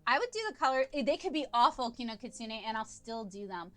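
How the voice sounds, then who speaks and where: A woman's voice: a little high, lively intonation, quick pace, fairly bright tone. Woman, art-stream host, rambling self-deprecating chat, faint music under her. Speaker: livestream host and artist. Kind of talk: casual livestream chat.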